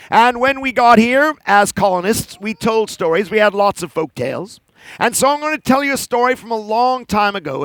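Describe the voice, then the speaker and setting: A man telling a folk tale to children at a live outdoor event, lively and talking straight to his audience. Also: high voice, no room sound. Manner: animated, talks straight to the audience. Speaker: storyteller. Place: outdoor park celebration.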